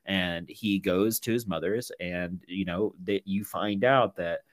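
A man's voice: sits low, a little slow, no echo. A man co-hosting a podcast, recapping a film in casual chat with many fillers and restarts, sometimes acting out the characters' lines. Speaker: podcast co-host.

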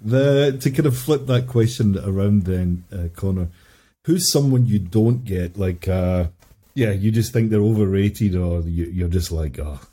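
A man hosts a laid-back podcast conversation, chatting casually and laughing easily. His voice sits low, with a very dark and husky tone. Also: measured pace. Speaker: podcast host. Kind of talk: casual chat.

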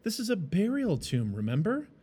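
A man's voice: sits high, wildly swooping pitch, moderate pace, dark tone, slightly rough, voice pushed up, full character voice. A man voicing a nervous, cautious young boy in a storybook reading. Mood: worried. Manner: worried, cautious.

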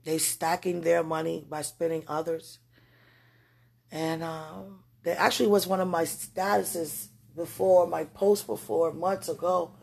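Husky, gravelly voice praying aloud, just woken. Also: medium pitch, unhurried. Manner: talks aloud to God, rambling and emotional; swings between excited bursts and quiet murmurs. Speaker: spiritual vlogger. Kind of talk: spontaneous prayer and spiritual message.

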